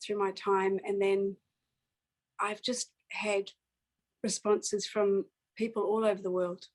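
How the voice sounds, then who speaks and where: A woman's voice: mid-range voice, darkish tone, low-quality recording. Earnest woman telling a personal story. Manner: reflective and earnest, with many pauses and fillers. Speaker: singer-songwriter guest.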